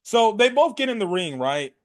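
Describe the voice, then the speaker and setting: A young man casually recapping a wrestling event for his sports channel, slangy and excitable, laughing and acting out what people said. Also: sits high, normal speed. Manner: excitable, slangy, laughs a lot, acts out quotes. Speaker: sports commentary vlogger.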